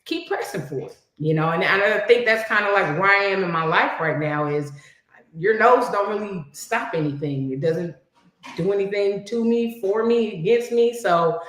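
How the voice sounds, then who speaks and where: A woman's voice: mid-range voice, moderate pace, a bit bright. A woman talking as a podcast guest in casual chat, conversational and reflective, often saying "you know". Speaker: podcast guest, cybersecurity professional. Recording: very echoey room.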